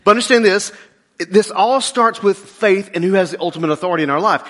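A male pastor preaching a sermon, joking with the congregation and dropping low and slow for key points. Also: a bit bright.

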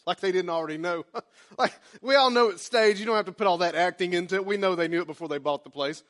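Folksy pastor preaching. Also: male voice, sits high, lively intonation, quick pace, a bit bright. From Oklahoma. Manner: folksy, conversational preaching with acted-out asides. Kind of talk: sermon.

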